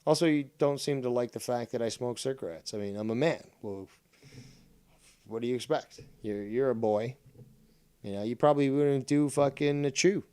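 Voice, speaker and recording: A man's voice: medium pitch, moderate pace, background noise. A man hosting a casual call-in stream, sarcastic and mocking, swearing freely as he talks with callers. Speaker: stream host.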